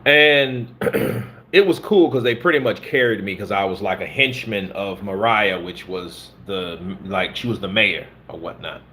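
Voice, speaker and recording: A man's voice: fairly low pitch, a little slow, bright, forceful tone, slight background noise. A man from the American South, a stunt performer, chatting casually and telling profane, rambling stories. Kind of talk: casual chat.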